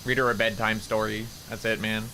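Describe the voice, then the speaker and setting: A man's voice: fairly low pitch, level tone, fairly quick, pushed and bright, a little hiss or hum, low-quality recording. A young man streaming a game in casual chat, rambling, joking and swearing freely as he talks to his viewers.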